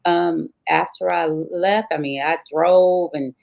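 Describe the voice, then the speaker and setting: A woman with a low, gravelly voice recounts her own hard story as an interview guest. She tells it vividly, slipping into the voices of the people involved. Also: fairly even intonation, slow pace, dull audio. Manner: vivid retelling, acting out dialogue. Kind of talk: emotional personal storytelling.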